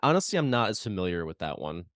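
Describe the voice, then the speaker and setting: A man's voice: low-pitched, very animated, quick pace, fairly bright tone, dry recording, studio quality. A man co-hosting a podcast in casual chat, laughing often and making playful quips. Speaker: podcast co-host.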